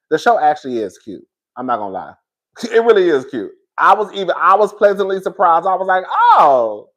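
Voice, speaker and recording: A man's voice: on the high side, a bit bright. A man giving a casual, candid commentary to his viewers, profane and rambling, often restarting and going off on asides. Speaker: reality TV commentator.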